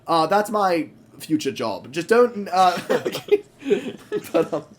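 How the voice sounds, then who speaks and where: Casting: chatty male podcast co-host, lively swooping pitch, slightly high. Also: takes it slowly, a little hiss or hum. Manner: animated, laughing, many fillers. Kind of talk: casual chat.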